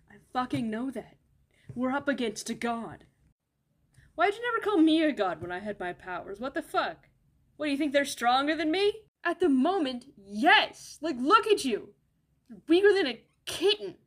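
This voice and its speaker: Comedy skit voice: woman, somewhat high, dry and sarcastic banter, swears casually. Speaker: comedy sketch voice performer. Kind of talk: comedic dialogue skit, voicing several characters.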